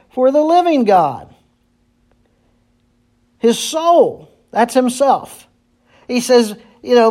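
A man's voice: very high-pitched, a little mellow. A man preaching a sermon as pastor, earnest and repeating phrases for emphasis.

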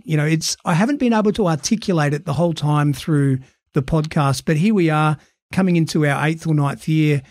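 A man with an Australian accent hosting a podcast interview, reading his intro in a measured, emphatic way. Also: on the high side, a little mellow, no room sound. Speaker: podcast host.

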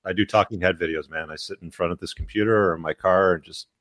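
A man's voice: sits low, fairly even intonation, fast talker, a bit bright, no room sound, clean studio sound. A man born in England, a guest on a casual chat, blunt and plain-spoken with casual swearing.

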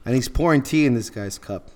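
A podcast host tells a story in a casual, earnest, heartfelt way, often repeating himself. His voice is mid-range and a little fast.

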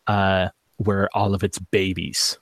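A man running a tabletop game as game master, narrating with many halting fillers. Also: low-pitched, flat delivery, dry recording.

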